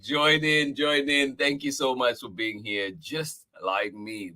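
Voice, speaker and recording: Male storytime host, bright and effusive, reads picture books aloud. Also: lowish voice. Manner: effusive, thanks viewers often, laughs easily. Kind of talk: upbeat chat with viewers and read-aloud.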